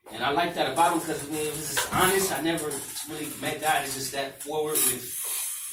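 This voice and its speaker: A man's voice: medium pitch, fast talker, a bit bright. A man doing a stand-up set in a comedy club, telling loose stories full of asides. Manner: loose, rambling storytelling with asides. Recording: echoey club from far off, faint noise.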